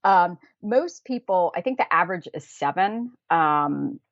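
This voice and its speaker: A woman's voice: on the low side, animated, measured pace, gravelly, no room sound. An American woman chatting as a guest in an interview, laughing often and trailing off in fillers and restarts. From United States. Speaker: podcast guest, travel planner. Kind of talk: casual interview chat. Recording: dull lo-fi dry sound.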